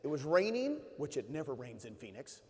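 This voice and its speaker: A man's voice: on the high side, sing-song, brisk, a little mellow. A man giving an emotional motivational talk to an audience, telling stories and building to emphatic bursts. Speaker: motivational speaker. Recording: long hall reverb.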